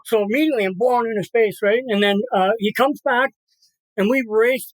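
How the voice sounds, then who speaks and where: A man's voice: sits high, brisk, no echo, low-quality recording. A middle-aged man telling an emotional personal story as an interview guest, earnest and repetitive, acting out voices. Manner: earnest, repeats himself, acts out voices in his story.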